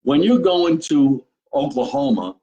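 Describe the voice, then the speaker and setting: A man's voice: a little high, very animated, measured pace, dark tone, breathy edge, dull audio. Chatty New Jersey podcast host, man. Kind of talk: casual live chat.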